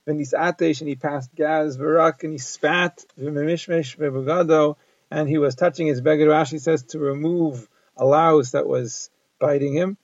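Man, Talmud teacher, raspy fry, somewhat high voice, dull dry lo-fi recording. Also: fairly even intonation, unhurried, dry recording. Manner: translates Aramaic phrase by phrase, explanatory. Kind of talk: daily Talmud lesson.

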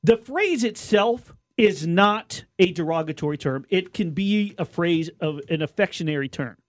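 A man's voice: high voice, expressive, normal speed, no room sound. A man co-hosting a sports talk show, explaining his point at length with restarts and a casual, earnest manner. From Colombian and Lebanese heritage. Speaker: sports radio host.

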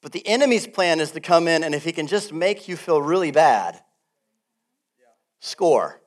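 Male pastor, middle-aged, fairly high voice; animated sermon delivery, laughs a lot, loud-to-quiet swings. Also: moderate pace.

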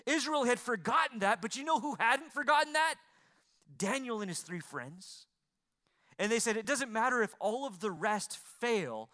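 A man preaching a sermon to a congregation, asking them questions and repeating lines for emphasis, swinging between loud emphasis and quiet pleading. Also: sits high, expressive, moderate pace. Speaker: pastor.

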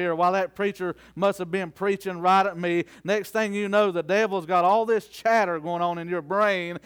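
Preacher guy, high clear voice, asks the crowd for amens, gets fired up. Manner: rhetorical call-and-response, rising into fervent slow declamation. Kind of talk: sermon.

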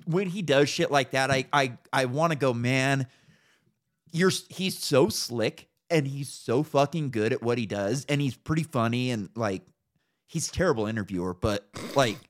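With a mid-range voice at normal speed, a young man hosts a podcast and rants about politics in a loose, casual way. Expect plenty of swearing, animated delivery, and impressions meant to mock.

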